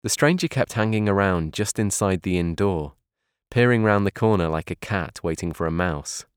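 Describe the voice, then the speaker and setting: A man reads an audiobook aloud in a calm, measured way. His voice sits very low. The sound is dry, with no room echo. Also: smooth. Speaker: narrator. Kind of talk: audiobook narration.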